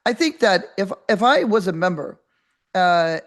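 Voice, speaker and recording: An older woman hosting a podcast, telling a story in a rambling, animated way with many restarts and acted-out voices. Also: mid-range voice, a little slow. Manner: animated, acts out quoted voices. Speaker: podcast host. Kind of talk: casual storytelling monologue.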